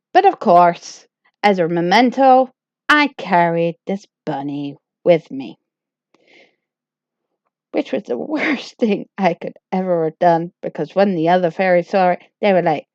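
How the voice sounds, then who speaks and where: Woman storyteller, slow-paced, rambling and self-deprecating, dull lo-fi dry recording. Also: fairly low pitch, expressive, darkish tone, no room sound. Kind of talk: comic first-person storytelling.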